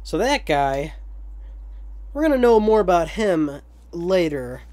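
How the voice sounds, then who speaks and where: A man's voice: high-pitched, sing-song, takes it slowly, darkish tone. A young man giving rambling, joking commentary over gameplay, with profane asides. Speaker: let's play commentator.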